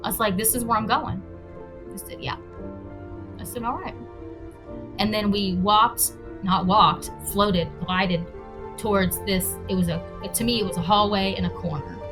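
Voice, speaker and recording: A woman's voice: medium pitch, fairly even intonation, moderate pace, music in the background. A woman guest telling a personal story in a rambling way, searching for words and acting out her own reactions. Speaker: interview guest.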